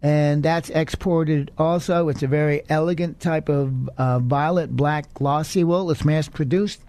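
Male radio Bible teacher, slightly high voice, earnest and chatty, dry close sound. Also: steady tone, unhurried, a little mellow, no room sound. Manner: earnest, conversational, with fillers.

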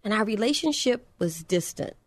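A woman's voice: medium pitch, animated, moderate pace, no room sound. A middle-aged woman preaching a sermon, telling a personal story in a fervent, heartfelt way.

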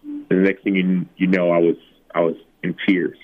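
A low-pitched man in his thirties tells his story as an interview guest, sounding thin and phone-like. He acts out the quoted lines in a lively, higher voice. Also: moderate pace. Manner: animated retelling, acting out quotes in a higher voice. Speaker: guest, former football player. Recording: tinny phone-like remote line.

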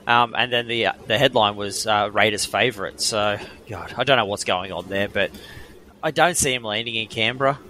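A man's voice: on the low side, moderate pace, sharp tone, slight background noise. A man with an Australian accent, co-hosting a sports podcast and giving firm, opinionated takes with frequent ums. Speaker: podcast co-host. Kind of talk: casual sports chat.

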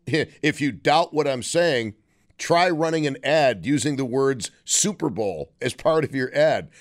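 A man hosting a call-in sports radio show, chatting in a wry, sarcastic way and taking callers. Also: medium pitch. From Western New York. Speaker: radio talk show host.

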